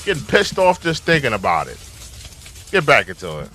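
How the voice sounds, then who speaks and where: A man's voice: medium pitch, huge pitch swings, normal speed, pushed and bright, slight background noise. A man in his thirties hosting a political commentary show, reacting to clips with exasperated rants, repeating himself and using mocking slang. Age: 30s.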